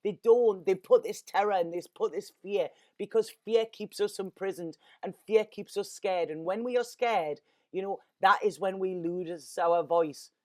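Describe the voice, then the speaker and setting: A woman's voice: mid-range voice, measured pace, few pauses. A woman, a tarot reader talking in an earnest, rambling, emotional way and often repeating her words. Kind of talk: casual spiritual monologue.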